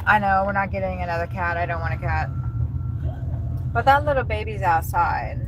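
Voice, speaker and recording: A woman's voice: fairly low pitch, lively intonation, normal speed. A woman chatting casually and rambling on a livestream from inside her car, swearing now and then. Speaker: livestreaming delivery driver. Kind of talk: casual livestream chat while driving. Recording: noisy car interior.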